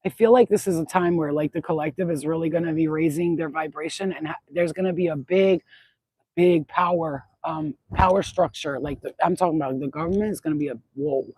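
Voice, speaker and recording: A woman's voice: low-pitched, brisk, a little mellow, slightly rough, dry recording, low-quality recording. A middle-aged woman rambling in a casual livestream chat outdoors at sunset, swearing freely and repeating herself as she goes. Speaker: spiritual channel host.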